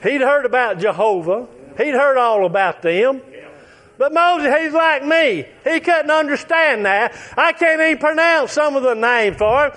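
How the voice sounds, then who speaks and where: High-voiced, slow-preaching man. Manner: emphatic, repetitive preaching with drawn-out phrases; occasional shouts and chuckles. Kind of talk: sermon.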